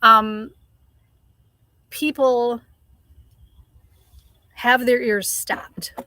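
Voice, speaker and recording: A woman's voice: fairly high pitch, steady tone, slow, bright, forceful tone, dry recording. A middle-aged woman streaming live, ranting passionately in casual chat, swearing and greeting viewers.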